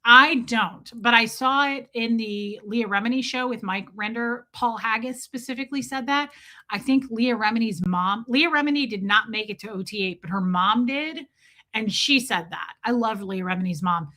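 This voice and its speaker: Bright-voiced woman telling a candid story. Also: on the high side, normal speed. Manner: candid, profane, chatty, answers viewer comments. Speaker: livestream host. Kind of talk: casual storytelling livestream.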